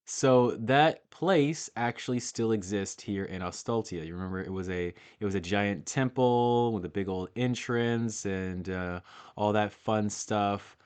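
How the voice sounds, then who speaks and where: A man's voice: fairly low pitch, unhurried, a little mellow, clean tone. A man hosting a casual game playthrough, joking and swearing now and then as he comments. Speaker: let's-play host.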